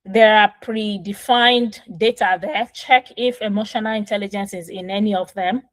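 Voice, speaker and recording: A woman's voice: mid-range voice, fairly even intonation, moderate pace, no room sound, poor audio. A woman parenting coach talking through setting goals step by step, patient and explanatory, recording on her phone. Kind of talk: casual instructional talk.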